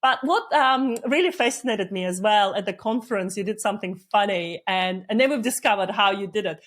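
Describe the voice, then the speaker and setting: A woman hosts a podcast interview, consciously keeping her speech slow and measured. Her voice has a mid-range pitch, and she chats over a video call. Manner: warm-paced, deliberately slowed speech, laughs often. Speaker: podcast host. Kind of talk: casual interview chat.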